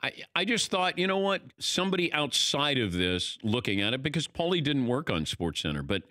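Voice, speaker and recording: Older male host, animated raconteur, bright tone, lively pitch. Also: fairly quick, dry recording, studio quality. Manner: animated storytelling, acting out quoted lines. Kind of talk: casual chat.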